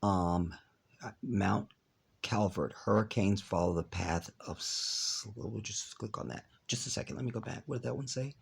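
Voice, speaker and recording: A man hosts his own channel, speaking directly to viewers in a rambling monologue and reading text aloud, skipping parts with "blah, blah." His voice is on the low side, slightly rough and fried, at a moderate pace.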